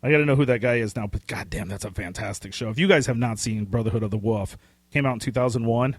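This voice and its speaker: A man co-hosting a casual pop-culture podcast. He talks in a rambling, excitable way with casual swearing, and his voice is getting hoarse. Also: medium pitch, fast talker, no echo. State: losing his voice. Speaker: podcast co-host. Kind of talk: casual chat.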